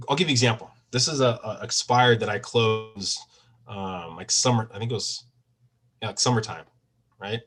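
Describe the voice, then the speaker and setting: A man's voice: on the low side, normal speed, fairly bright tone, low-quality recording. A man giving a casual real estate training talk over a video call, often checking in with tag questions.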